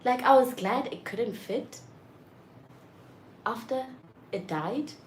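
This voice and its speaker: A young woman chatting candidly and frankly, often getting loud and exasperated as she makes her point. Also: on the high side, lively intonation, slow pace. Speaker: vlogger. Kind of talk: candid casual chat. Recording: roomy echo with faint background noise.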